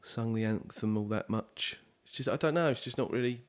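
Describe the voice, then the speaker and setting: A man's voice: mid-range voice, fairly quick, smooth. A young man from southeast England, a musician guest chatting casually in a podcast interview, easygoing and rambling with lots of fillers.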